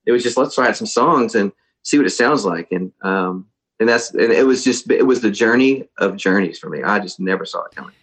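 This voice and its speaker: A man, a musician guest, telling a lively story in a casual interview, often mimicking others. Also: on the low side, fairly quick, low-quality recording.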